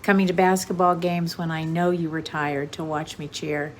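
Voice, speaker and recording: A woman's voice: low-pitched, little pitch movement, normal speed, a little hiss or hum. A woman in her seventies giving a grateful, reminiscing birthday tribute to her mother. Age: 70s. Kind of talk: prepared tribute speech.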